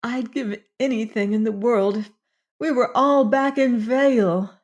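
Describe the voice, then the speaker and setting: A young woman with a bitter, emotional edge talks slowly and haltingly, read by a woman narrator. She sounds ashamed and close to tears. This is an audiobook character voice. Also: on the high side, highs cut off, pitched above the performer's own voice, natural voice.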